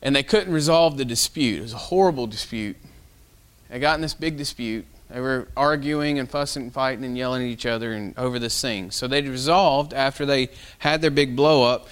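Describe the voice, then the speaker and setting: A man's voice: medium pitch, fairly bright tone, clear, resonant tone. A male pastor giving a sermon in a folksy, conversational style, telling stories with casual fillers.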